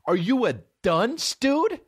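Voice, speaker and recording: A man in his thirties hosting a comedy podcast, ranting in a profane, animated way. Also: extremely high pitch, takes it slowly, husky, no room sound, studio quality. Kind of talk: casual comedic rant.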